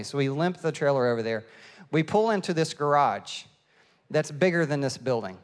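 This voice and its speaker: A middle-aged man preaching a sermon and telling a lively, self-mocking story, acting out the people in it. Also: on the high side, moderate pace. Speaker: pastor. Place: church auditorium. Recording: long hall reverb.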